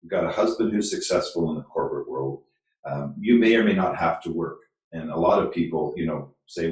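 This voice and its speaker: A man's voice: deep voice, fairly quick, recorded from a distance. A man hosting an interview, asking leading questions with a joking edge. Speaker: interview host. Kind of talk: casual interview. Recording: very echoey room.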